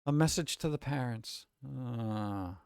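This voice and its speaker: A man speaks slowly in a smooth, slightly mellow medium-pitched voice, reacting to posts on a live stream. His casual talk is loose and profane, rambling with frequent restarts, and the audio is clean studio sound without room echo.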